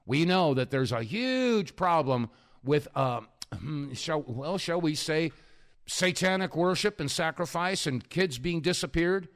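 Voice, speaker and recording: A man's voice: fairly high pitch, expressive, slow. A man hosting a talk radio show, rambling in a chuckling, filler-heavy monologue.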